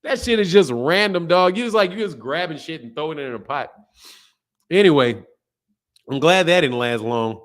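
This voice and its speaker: A man's voice: a little high, expressive, moderate pace, fairly bright tone. A man hosting a live boxing call-in show, blunt and profane, teasing his callers and laughing often. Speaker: boxing talk show host. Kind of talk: casual live call-in chat.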